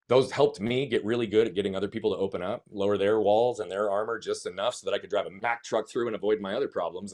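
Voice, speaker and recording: A man's voice: fairly low pitch, a little mellow. Emphatic man telling his story. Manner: emphatic, swears, rhetorical questions. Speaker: guest. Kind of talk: conversational storytelling.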